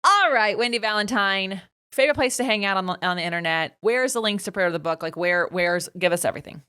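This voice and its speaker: A woman's voice: medium pitch, quick pace, pushed and bright, clear, resonant tone. A woman hosting a podcast, chatting casually in a bubbly, talkative way and laughing often. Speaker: podcast host. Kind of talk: casual interview chat.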